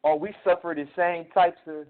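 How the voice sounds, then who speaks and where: A man's voice: on the high side, fairly even intonation, moderate pace. A man co-hosting a casual podcast, talking in a blunt, profane, rambling way. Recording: tinny phone line.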